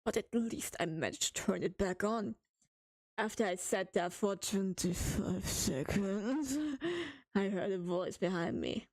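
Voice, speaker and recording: A woman's voice: medium pitch, measured pace, a little mellow. A woman streamer reading horror stories to her chat, joking, giggling and swearing a lot.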